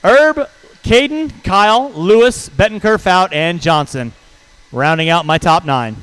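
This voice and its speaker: A man with a very high, smooth voice announces a hobby race. He is brisk and jokey, reeling off driver names in quick runs, and the sound is close and dry. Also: fairly bright tone, dry recording, rough recording. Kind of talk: live race commentary.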